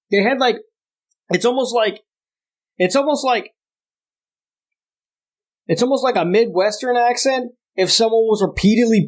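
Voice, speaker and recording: A young man co-hosting a podcast, his voice sitting a bit high. He talks in casual chat and rants with exaggerated disdain, climbing higher as he gets worked up. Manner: ranting, exaggerated disdain, rising pitch when worked up. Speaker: podcast co-host.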